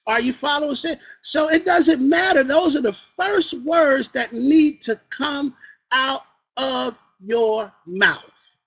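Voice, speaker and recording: A man giving a motivational sales training talk, energetic and preacher-like, quizzing his audience as he goes. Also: very high voice, measured pace, muffled recording. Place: training event room.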